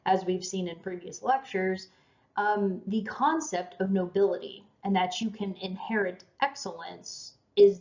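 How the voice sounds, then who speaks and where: A woman lecturing on history in a chatty, self-deprecating way, with fillers and small laughs. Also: medium pitch. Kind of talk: casual recorded lecture. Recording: roomy, dull lo-fi lecture recording.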